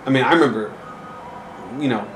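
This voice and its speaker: A man's voice: mid-range voice, fairly quick, fairly bright tone. A man in an interview, speaking frankly and reflectively. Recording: echoey room with background noise.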